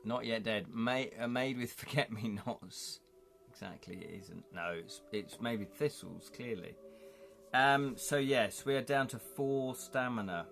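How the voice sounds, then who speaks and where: Excitable man playing a gamebook. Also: medium pitch, measured pace, creaky, faint music behind. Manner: excitable, forgetful chatter. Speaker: host and gamebook narrator. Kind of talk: live-streamed gamebook play.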